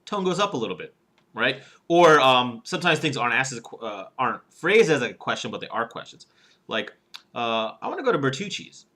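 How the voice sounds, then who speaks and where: Guy coaching you on speaking, bright punchy voice, keeps showing tone going up vs down, lots of uh and um. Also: mid-range voice. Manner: demonstrates rising and falling intonation, casual with fillers. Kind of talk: instructional talk to camera.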